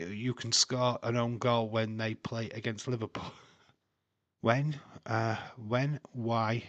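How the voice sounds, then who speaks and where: Stream host, male, slow unhurried delivery, giggly rambling banter, dry close mic. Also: medium pitch, a bit bright, no echo. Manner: laughs often, rambling with fillers and jokey tangents. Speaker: live stream watch-along host. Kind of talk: casual chat to live chat viewers.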